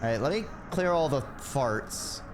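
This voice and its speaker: A man's voice: mid-range voice, expressive, unhurried, noisy background. A man streaming a video game, chatting casually and playfully, muttering to himself as he plays. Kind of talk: casual gameplay chat.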